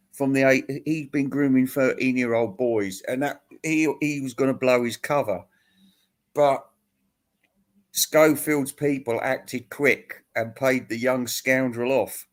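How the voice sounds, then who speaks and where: A man hosting a rambling comic monologue, ranting crudely and laughing at his own jokes. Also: mid-range voice. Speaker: host answering viewer questions.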